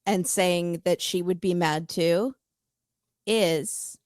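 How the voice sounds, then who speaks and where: A woman's voice: lowish voice, slow pace, no echo, clean studio sound. A woman hosting a podcast, chatting casually about a reality show and acting out what the cast said. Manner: animated, acts out quoted cast members in put-on voices. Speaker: podcast host. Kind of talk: casual chat recapping reality TV.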